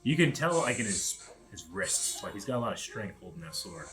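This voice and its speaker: Lively joking man over a film soundtrack. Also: on the low side, over loud music. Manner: playful, quick to joke and laugh. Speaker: co-host reacting to a film. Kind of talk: casual reaction chat. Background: film soundtrack playing.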